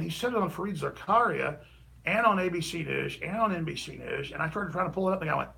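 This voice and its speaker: Gravelly, ranting man, bright and high. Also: recorded from a distance, low-quality recording. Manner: ranting, rapid and heated, with sudden shouts. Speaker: political talk show host. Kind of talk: impassioned political monologue.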